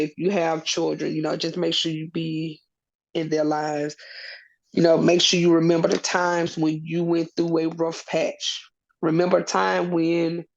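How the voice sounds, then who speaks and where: A deep, creaky, darkish voice belongs to a woman answering questions in a personal interview as a custodial parent. She speaks earnestly, wandering off track with many fillers, and the lo-fi recording sounds dull.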